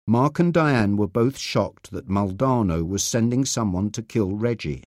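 A man reading a story aloud as narrator, slowly, clearly and deliberately. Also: fairly low pitch, expressive, darkish tone, no room sound, clean studio sound. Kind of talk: scripted narration of a graded reader.

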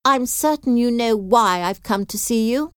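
A woman's voice: on the high side, normal speed, a bit bright, clean tone, dry recording, studio quality, pitched above the performer's own voice, close to an everyday voice. A woman reading aloud voices a haughty, aggressive old aristocratic lady who speaks in a commanding, hostile way.

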